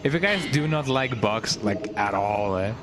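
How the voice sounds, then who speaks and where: A gaming streamer with a fairly low, animated voice chats at a moderate pace in a casual let's play. Game music plays behind his rambling, and he often tags remarks with "eh?".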